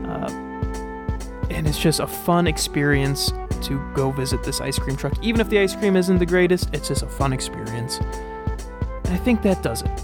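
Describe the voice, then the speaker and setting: A man's voice: a little high, expressive, normal speed, music in the background. A man hosting a casual solo podcast, thinking aloud with many fillers and restarts and reading research aloud. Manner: reads research aloud and comments on it. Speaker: podcast host.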